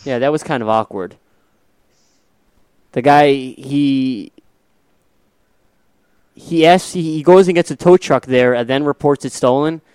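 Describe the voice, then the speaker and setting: A man with a Chicago accent co-hosting a casual sports talk show, laid-back and self-deprecating, with halting restarts. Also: mid-range voice, darkish tone, smooth, dry recording. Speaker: podcast co-host.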